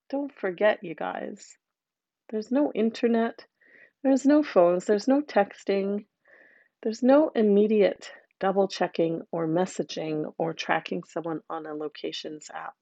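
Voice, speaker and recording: A woman narrates a grim folk tale in a mellow, warm voice, breaking off for chatty asides to her listeners. The recording is dry and a little dull in tone. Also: medium pitch, unhurried, vocal fry, no room sound. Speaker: storyteller. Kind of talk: oral fairy-tale storytelling with asides.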